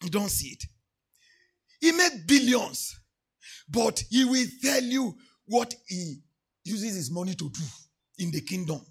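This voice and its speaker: A man with a Nigerian English accent preaching a sermon, moving from quiet asides to shouted, sing-song declarations. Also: high voice, expressive, a little slow, vocal fry, pauses often, breathy edge. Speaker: pastor.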